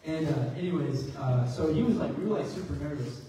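A man's voice: a little high, expressive, brisk, warm tone. A man giving an informal church testimony to an audience, rambling and chatty with lots of fillers and restarts. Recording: echoey hall, distant mic, faint hiss.

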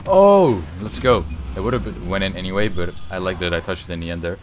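A young man commentating his own gameplay, excitable and foul-mouthed, shouting at big plays and griping about teammates. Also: deep voice, fast talker, slight background noise. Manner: excitable, swears often, yells at big plays. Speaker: gaming YouTuber.

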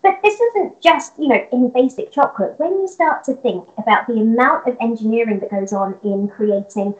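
A woman's voice: on the high side, moderate pace. A woman presenting an upbeat home science demonstration, explaining step by step with casual fillers. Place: home kitchen. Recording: roomy, dull home recording.

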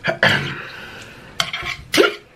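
A man's voice: drawn-out words, distant mic, noisy background. A man on an eating vlog, talking dramatically and complaining between bites at a home table. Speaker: eating-show vlogger. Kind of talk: casual mukbang eating chatter.

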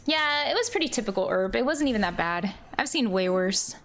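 A woman's voice: mid-range voice, expressive, brisk, a bit bright, slight background noise. A young woman streamer chatting casually while gaming, playful and teasing, often laughing.

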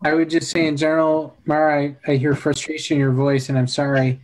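A man's voice: a little high, little pitch movement, a little fast, darkish tone. A man, a school administrator and a dad, hosting a virtual town hall and answering parents' questions in a sympathetic, thinking-aloud way over a video call.

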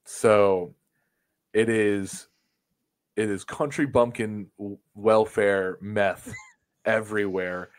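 A man telling a story on a podcast as a guest, animated and swearing freely. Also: fairly low pitch, takes it slowly, pauses often. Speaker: wrestling videographer guest.

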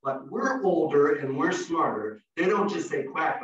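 A man's voice: fairly high pitch, animated, normal speed, few pauses. A man presenting an online class on nature education, talking in a playful, theatrical way and imitating animal calls. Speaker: early childhood educator presenting. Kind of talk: animated demonstration for teachers. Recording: far from the mic, echoey and dull.

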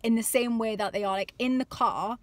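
A woman's voice: on the high side, fairly quick, slight background noise. A woman in her thirties talking to camera about parenting, chatty and exasperated, acting out little voices. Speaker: parenting vlogger. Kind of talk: casual comic monologue to camera.

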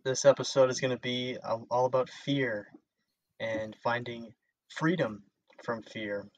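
A young man hosting a podcast in casual chat, relaxed and a bit hesitant. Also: mid-range voice, a little slow, rough recording. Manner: relaxed, hesitant, many fillers. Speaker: podcast host.

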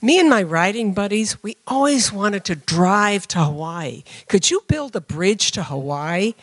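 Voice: mid-range voice, lively intonation, a little slow, fairly bright tone, no room sound, studio quality. A church member voicing a burly, good-hearted biker in a joke, folksy and casual. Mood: hopeful.

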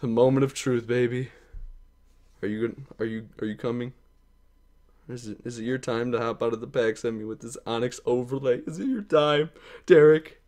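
A young man with a medium-pitched voice at a moderate pace streams himself opening game card packs. Excited, he talks to the player cards, muttering one moment and yelling the next.

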